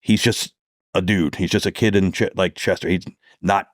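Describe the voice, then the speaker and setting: A man's voice: low-pitched, fairly even intonation, normal speed, no echo, clean studio sound. A man, a police detective, telling stories from the job in a podcast interview, swearing freely and acting out heated phone calls.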